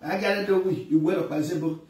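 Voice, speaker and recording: A high-voiced man with a Nigerian Pidgin accent, ranting with emphatic pleas that climb into shouts. He is recorded from a distance in a very echoey space. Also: steady tone, fast. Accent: Nigerian Pidgin, Edo. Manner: pleading, emphatic, rising to shouts. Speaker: actor. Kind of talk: impassioned rant.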